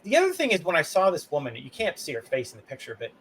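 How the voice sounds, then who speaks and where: A man's voice: on the high side, wildly swooping pitch, fast, a bit bright, rough recording. A man co-hosting a podcast, telling a story with indignant, ranting frustration. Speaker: podcast co-host. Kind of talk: casual podcast banter.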